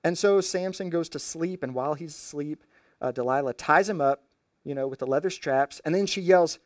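A man preaching a storytelling sermon in a conversational, animated way with slangy asides. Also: on the high side, moderate pace, no room sound, clean studio sound.

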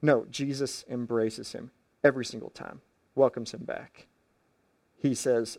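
A man's voice: mid-range voice, steady tone, a little slow, creaky, long pauses, darkish tone, no room sound. A man preaching a sermon as pastor, retelling stories in casual everyday phrasing with frequent restarts.

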